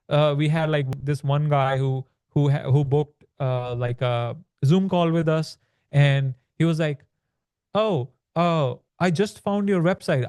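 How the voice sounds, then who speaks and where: A man's voice: fairly high pitch, a little mellow, no echo, clean studio sound. A man, a guest entrepreneur, explaining his sales principles in a casual interview, talking loosely with fillers and restarts. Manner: conversational, many fillers and restarts.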